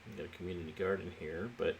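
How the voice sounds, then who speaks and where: A man with a very low voice gives relaxed, halting commentary while he plays a city-building game, thinking aloud as he goes. He sounds a little sleepy, and faint noise sits under the recording. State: sleepy, yawning. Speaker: let's play host. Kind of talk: casual gameplay commentary.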